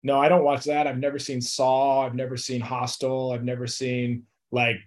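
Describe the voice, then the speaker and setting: A man's voice: medium pitch, monotone, normal speed. Laid-back young man chatting as a guest. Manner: laid-back, filler-heavy, laughs often. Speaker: actor guest. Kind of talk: casual interview chat.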